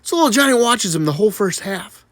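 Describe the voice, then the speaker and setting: A man telling dirty jokes as an animated, swooping storyteller. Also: high voice, quick pace. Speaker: comedian.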